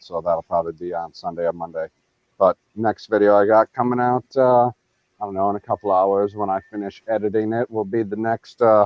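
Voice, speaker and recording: A man's voice: on the low side, no echo, dull audio. A man chatting casually on an online show, laid-back as he talks about his upcoming videos. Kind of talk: casual chat.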